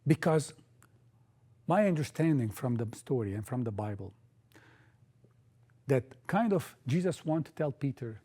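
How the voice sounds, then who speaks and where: A man preaching a sermon, emphatic, often repeating key phrases and sometimes halting and restarting. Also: mid-range voice, expressive, warm tone, breathy edge.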